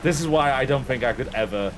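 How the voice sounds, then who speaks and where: A man's voice: mid-range voice, fast, a little hiss or hum. A man chatting playfully on a game stream, greeting viewers and swearing freely. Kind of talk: casual gaming stream chat.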